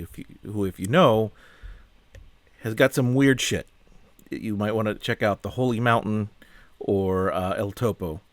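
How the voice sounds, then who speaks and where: A man's voice: on the low side, no room sound. A man giving casual reaction commentary on a film. He sounds puzzled and exasperated, asks question after question, and often trails off and restarts his sentences.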